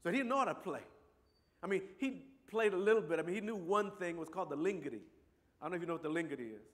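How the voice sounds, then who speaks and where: A man's voice: high voice, lively intonation, racing. A man from Compton with a Chicano English accent, telling a personal story in a rambling way with many asides. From Compton, California. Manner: warm, rambling, many asides like "you know" and "right". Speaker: speaker.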